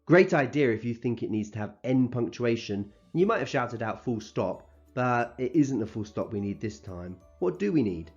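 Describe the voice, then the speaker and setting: A man teaching a recorded phonics lesson to young children, sounding out letters slowly and clearly and praising them as they go. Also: medium pitch, animated, a little mellow, lo-fi sound, soft background music. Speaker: primary school teacher.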